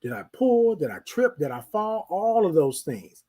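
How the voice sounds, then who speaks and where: A man's voice: on the high side, sing-song, measured pace, dark tone, slightly rough. A man hosting a motivational talk, emphatic, using rhetorical questions and repetition. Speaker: host of a motivational show.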